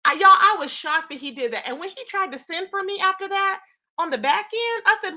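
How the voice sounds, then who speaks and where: A woman with a high, bright voice talks straight to her viewers in a casual vlog. She tells her side of a story with animated indignation and keeps punching her points with quick "okay?" asides. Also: highs cut off. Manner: emphatic repeated tag questions. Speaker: YouTuber.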